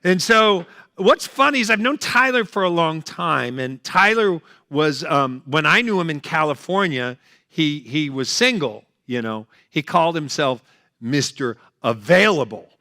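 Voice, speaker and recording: A man's voice: a little high, animated, unhurried, bright, forceful tone, no echo, clean studio sound. An older man doing a stand-up comedy set, punchy, chatty and full of jokes.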